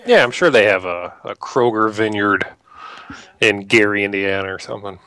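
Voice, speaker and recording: Male guest, bright-voiced wisecracker, dry close recording. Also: on the low side, moderate pace, smooth, no echo. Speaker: podcast guest. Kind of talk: casual podcast chat.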